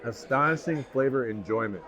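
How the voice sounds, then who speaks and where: A man's voice: mid-range voice, normal speed. A man vlogging a food review in a restaurant, enthusiastic and raving about each bite. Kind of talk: casual food review to camera. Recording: busy restaurant crowd behind. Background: restaurant crowd chatter.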